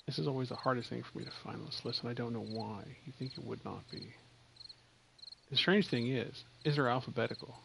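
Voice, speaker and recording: Gravelly-voiced man streaming a game. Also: medium pitch, brisk, background noise. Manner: rambling, self-deprecating chat to viewers. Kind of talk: casual gameplay commentary.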